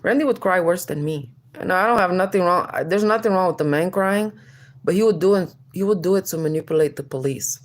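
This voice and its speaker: A woman's voice: fairly low pitch, a little fast. A woman in her thirties in an angry, profane confessional rant, accusing her ex-partner in a heated, rambling way. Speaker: mother addressing her ex on camera.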